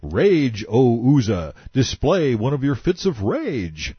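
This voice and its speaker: A man voicing a frantic male pagan shrine keeper who shouts invocations to a goddess, in a dull, dry recording. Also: medium pitch, sing-song, slow, husky, dry recording, voice pushed up, exaggerated voice. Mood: frantic pleading.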